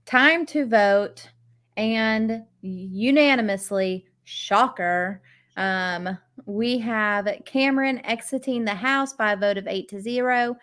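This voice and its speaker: A woman's voice: fairly high pitch, takes it slowly, fairly bright tone, no echo. Woman podcast co-host, casual and enthusiastic, dry close mic. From Texas. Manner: chatty, laughs often, recaps with enthusiasm. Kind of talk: casual chat.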